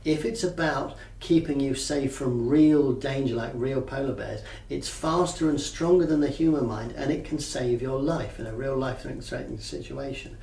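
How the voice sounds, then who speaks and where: A man's voice: mid-range voice, moderate pace, gravelly, few pauses, darkish tone. A man coaching a group on mindfulness in a conversational way, often checking that they follow. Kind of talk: teaching a group session. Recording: echoey room, mic at a distance.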